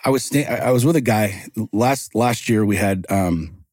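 A man's voice: lowish voice, normal speed, darkish tone, no echo, clean studio sound. A man in his forties speaking as a podcast guest, telling stories in a blunt, profane and impassioned way. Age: 40s. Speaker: podcast guest, men's coach. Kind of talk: casual interview talk.

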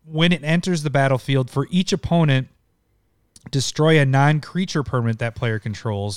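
A man co-hosting a casual card-game discussion, relaxed and often laughing, sometimes reading card text aloud. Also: medium pitch, clean tone, no echo, studio quality. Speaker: podcast co-host.

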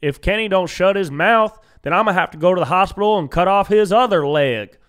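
A man's voice: sits high, fairly quick, a bit bright, smooth, pitched above the performer's own voice. A man voicing a gossiping Southern woman working as a late-night diner host, with a thick drawl. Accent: Southern US drawl, put on.

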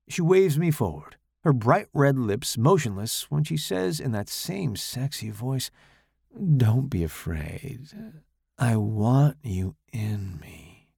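A man reading his own first-person horror story aloud in a slow, dramatic, expressive way. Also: medium pitch, gravelly, no room sound, studio quality.

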